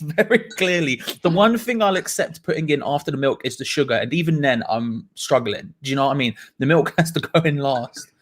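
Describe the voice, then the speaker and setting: A fairly high-voiced man chats casually as host of a live football watch-along. He greets viewers one by one and talks fast between predictions. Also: expressive, fairly bright tone. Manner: chatty, reads out viewer names, quick asides.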